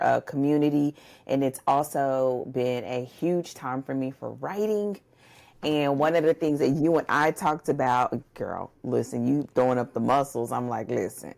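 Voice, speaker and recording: A woman chats on a podcast, and her voice sits very low. It has a gravelly, fry-tinged texture. She talks in a loose, rambling way, full of "y'all" and "listen". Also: darkish tone. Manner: rambling, chatty, says "y'all" and "listen" often. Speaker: podcast co-host, book coach and editor. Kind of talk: casual chat.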